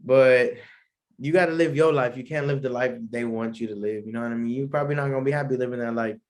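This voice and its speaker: Talking fast in a slightly mellow, mid-range voice, a young podcast host chats casually on his own. His manner is relaxed and rambling, with frequent laughter.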